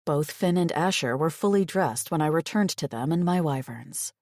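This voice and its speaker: A woman narrating a first-person audiobook in an expressive, breathy reading. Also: deep voice, normal speed, no echo.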